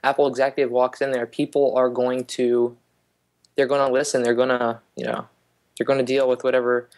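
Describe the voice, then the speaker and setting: Flat, matter-of-fact male guest. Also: medium pitch, brisk. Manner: even, matter-of-fact, filler-heavy. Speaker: podcast guest, tech blogger. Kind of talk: casual tech podcast chat.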